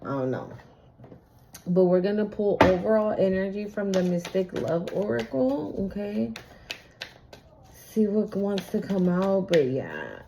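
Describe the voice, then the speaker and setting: A woman's voice: medium pitch, big pitch swings, unhurried, vocal fry, noisy background. A woman giving a casual tarot reading, chatty and profane, often breaking into laughter. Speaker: tarot card reader.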